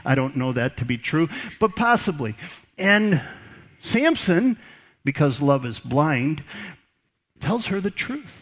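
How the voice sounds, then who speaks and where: A man's voice: medium pitch, lively intonation, measured pace. A man preaching a sermon as pastor, conversational, repeating words and dropping folksy asides.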